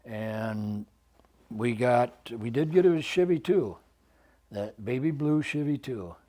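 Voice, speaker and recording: A man, a grandson, recalling family memories in a halting casual conversation and searching for words. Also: medium pitch, lively intonation, warm tone. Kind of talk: casual chat.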